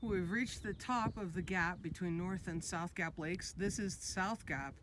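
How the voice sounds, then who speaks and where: High-voiced man vlogging on a trail. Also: a little slow. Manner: admiring, exclaiming over scenery. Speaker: hiking vlogger. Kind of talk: handheld outdoor vlog narration. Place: outdoors on a high mountain trail. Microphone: handheld camera. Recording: noisy outdoor recording.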